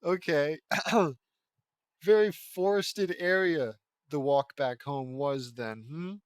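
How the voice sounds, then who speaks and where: A man with a fairly high voice reads a story aloud and keeps stopping to mock it. His asides are sarcastic and dry. The recording is close and dead, with no room sound. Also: slow, smooth, dry recording. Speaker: audiobook reader and commentator. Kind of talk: sarcastic reading of fan fiction with commentary.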